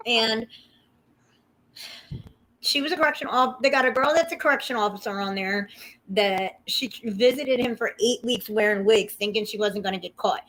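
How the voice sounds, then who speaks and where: A woman hosting a livestream, chatting casually in an excitable, gossipy way, swearing freely and talking to her viewers. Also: a little high, moderate pace. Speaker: livestream host. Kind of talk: casual chat.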